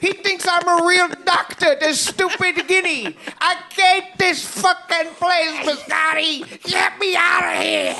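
A man putting on the voice of a cranky old male comedian calling in from jail, rambling and mumbling, with sudden shouts. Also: very high voice, fairly even intonation, slow pace, gravelly, few pauses, a little hiss or hum, heavily acted. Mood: bitter. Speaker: caller. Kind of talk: comedy podcast impression.

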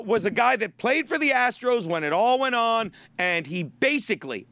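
A man's voice: sits high, pushed and bright, no room sound. A male podcast host on a profane, rambling, sarcastic comedic sports rant.

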